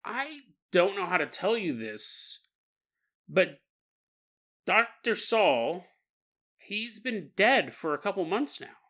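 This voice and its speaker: A man's voice: high voice, very animated, takes it slowly, long pauses, sharp tone, full character voice. A man voicing a confused woman in her early twenties who talks in a hesitant, flustered way. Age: 20s.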